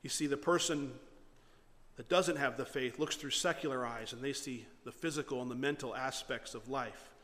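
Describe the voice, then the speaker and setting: A male pastor preaching a sermon and retelling scripture with animated, dramatic storytelling. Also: medium pitch, normal speed, long reverb tail.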